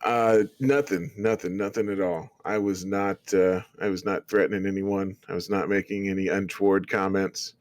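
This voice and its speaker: A man's voice: low voice, little pitch movement, moderate pace, few pauses, no echo. A man co-hosting a livestream panel, joking and sarcastic. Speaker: panel co-host. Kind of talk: casual panel chat.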